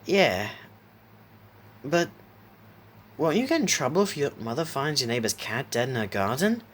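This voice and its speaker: A man's voice: mid-range voice, sing-song, moderate pace, a bit bright, slight background noise, pitched above the performer's own voice. A man voicing a sinister, clown-like supernatural being who talks in a sly, coaxing way in a horror story reading.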